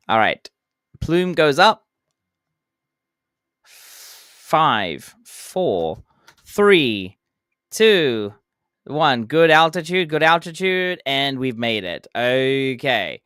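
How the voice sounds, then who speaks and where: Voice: medium pitch, sing-song, drawn-out words, pauses often, fairly bright tone, clear, resonant tone, dry recording, studio quality. A game streamer chatting casually while playing, answering chat, counting down jumps and making playful sound effects.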